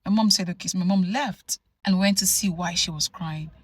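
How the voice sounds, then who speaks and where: A woman from Nigeria telling a personal story to camera in an animated, conversational way, full of asides. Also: on the low side, normal speed, breathy edge, dry recording. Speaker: vlogger. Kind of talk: storytelling vlog.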